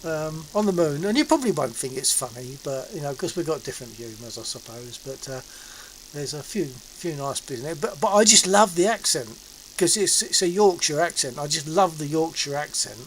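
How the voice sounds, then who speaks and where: A man's voice: fairly high pitch, lively intonation, normal speed, slight background noise, rough recording. A man in his seventies, chatting casually and rambling with livestream viewers from his home sim setup. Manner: rambling, chuckling, self-mocking. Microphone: desk mic.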